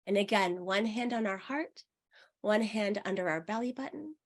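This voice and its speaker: A young adult woman leading a guided meditation, speaking slowly and soothingly. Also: mid-range voice. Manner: slow, soothing and soft-spoken. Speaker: meditation teacher.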